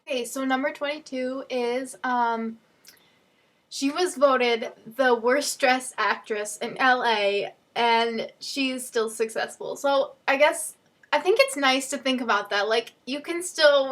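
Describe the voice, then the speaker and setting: A woman's voice: high-pitched, measured pace, fairly bright tone. A young woman talking casually as a fan vlogger, rambling with lots of fillers and restarts. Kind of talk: casual chat.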